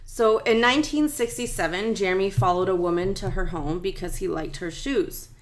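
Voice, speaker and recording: A woman's voice: medium pitch, a little fast. A woman co-hosting a true crime podcast, reading the case facts steadily from her notes. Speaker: podcast co-host.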